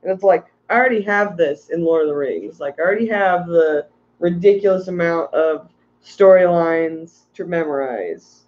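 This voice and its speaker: A high-pitched man chats loosely on a livestream, drifting into playful rants and reading out viewer messages. He sounds worn out from too little sleep. The audio is a little dull and lo-fi. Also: moderate pace, a little mellow. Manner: rambling, ranting, reads chat aloud. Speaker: aquarium fish livestream host. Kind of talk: casual livestream chat.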